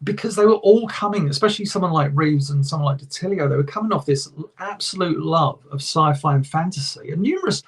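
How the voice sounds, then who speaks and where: A man's voice: a little high, fast, few pauses, slightly rough. A man co-hosting a podcast, talking with enthusiasm in a rambling way and swearing often. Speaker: podcast co-host. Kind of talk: casual chat.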